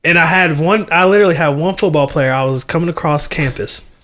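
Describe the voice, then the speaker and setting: High-voiced young man telling stories. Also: a little fast. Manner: animated storyteller, laughs often, slangy and profane. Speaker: podcast guest. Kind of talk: casual chat.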